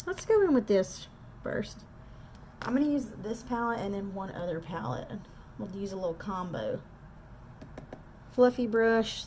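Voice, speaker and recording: A woman's voice: mid-range voice, a little mellow, slight background noise. A woman, chatting casually and self-deprecatingly to viewers while doing a makeup tutorial at home. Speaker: makeup artist.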